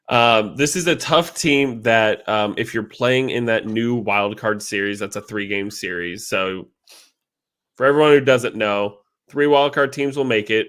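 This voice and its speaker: A man with a low, bright, forceful voice hosts a casual sports podcast. He rambles chattily, filling gaps with frequent ums. His tone stays loose and conversational. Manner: chatty, rambling, lots of fillers. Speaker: podcast host.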